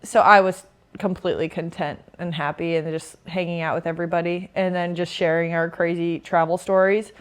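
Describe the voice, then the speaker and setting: A woman's voice: fairly low pitch, level tone, fairly quick, clean tone. A young woman, a beach volleyball player, casually recounting a trip with a friend and laughing often. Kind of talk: casual storytelling chat.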